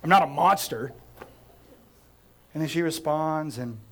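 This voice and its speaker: A pastor preaching a sermon tells a story with animation, acting out scenes and addressing his listeners directly. His voice is fairly high-pitched and he speaks a little slowly.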